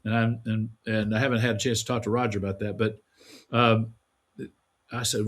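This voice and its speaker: A man's voice: on the low side, level tone, fairly quick, a bit bright. A man being interviewed, telling stories in a rambling, folksy way with frequent restarts. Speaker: guest. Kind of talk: casual interview conversation.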